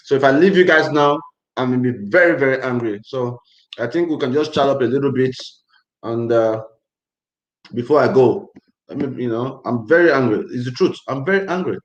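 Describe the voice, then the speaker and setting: The muffled, roomy recording captures a livestream host at a medium pitch and normal speed. He's angry and tense during his casual stream, hammering points emphatically and repeating them in agitation.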